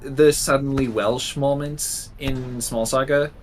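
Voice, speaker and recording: A man's voice: mid-range voice, fairly even intonation, unhurried, slight background noise. Rambling male game streamer. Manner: rambling, self-correcting. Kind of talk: casual live-stream chat.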